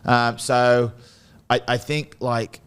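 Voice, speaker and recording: A man's voice: medium pitch, little pitch movement, slow, a bit bright, clean tone. A young man in his twenties, a guest talking casually and rambling, often saying "bro" and "like". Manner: laid-back, rambling, says "bro" and "like" often. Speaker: guest, rugby league player. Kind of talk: casual interview chat.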